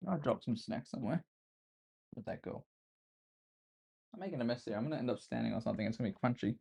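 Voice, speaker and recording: A man's voice: medium pitch, lively intonation, fast, gravelly, warm tone, breathy edge. A man with an Australian accent streaming chess, mumbling his thoughts and chatting to viewers between moves in a self-deprecating way. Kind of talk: casual live-stream commentary while playing chess.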